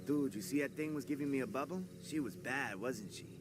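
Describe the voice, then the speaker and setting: A man's voice: medium pitch, brisk, noisy background, pitched above the performer's own voice, lightly acted. A man voicing a drunk, tired young man with a weary way of talking.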